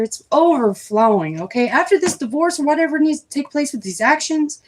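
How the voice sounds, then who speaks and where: A woman's voice: sits high, animated, a little fast, hardly any pauses, slight background noise. A young woman doing a casual, rambling tarot reading on a live stream, talking straight to her viewers. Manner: chatty, rambling, reads the cards out loud to viewers.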